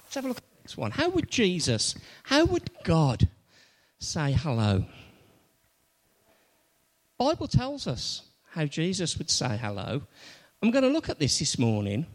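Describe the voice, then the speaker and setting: Lively high-voiced preacher, echoing church. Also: male voice, unhurried. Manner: playful, quizzing the audience. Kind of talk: interactive sermon with congregation. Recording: long church reverb.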